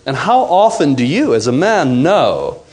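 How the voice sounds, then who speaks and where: A man giving a seminar talk to a live audience, animated and playful, acting out quoted voices. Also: on the high side, measured pace. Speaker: seminar speaker.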